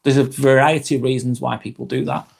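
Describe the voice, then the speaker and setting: His mid-range voice is fairly quick and fairly even in intonation, creaky, a little mellow and slightly rough. A Lancashire man from Northwest England, he hosts a relaxed live vlog, talking with viewers about their comments while swearing freely and often starting his sentences again.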